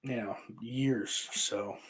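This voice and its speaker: A man's voice: mid-range voice, fairly even intonation, extremely slow, breathy edge. A man from hosting a podcast, rambling in casual chat, with lots of swearing, fillers and restarts. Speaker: podcast host. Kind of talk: casual chat answering viewer questions.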